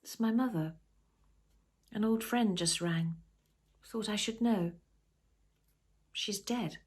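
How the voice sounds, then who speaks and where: A woman's voice: medium pitch, takes it slowly, breathy edge, voice pushed up. A woman reading the lines of a troubled young mother in a storybook, rueful and wry. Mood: shaken. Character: troubled young mother, estranged from her family.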